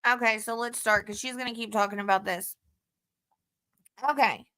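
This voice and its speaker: A woman's voice: on the high side, steady tone, normal speed, bright, forceful tone. A woman talking to camera in a frustrated, heated way, swearing often while walking through text messages. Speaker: vlogger. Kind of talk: casual talk to camera, reading out text messages.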